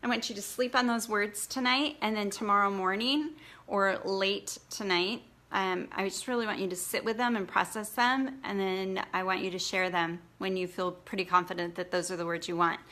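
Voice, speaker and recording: A woman's voice: medium pitch, steady tone, normal speed, bright, forceful tone. A woman blogging coach giving a casual, encouraging live training, chatty and full of fillers.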